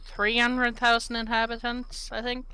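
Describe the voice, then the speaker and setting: A woman from Norway takes her time, speaking slowly and thinking aloud. Her voice is bright and clear, and she answers the questions in a modest, casual way. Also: on the high side, completely flat delivery. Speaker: guest artist.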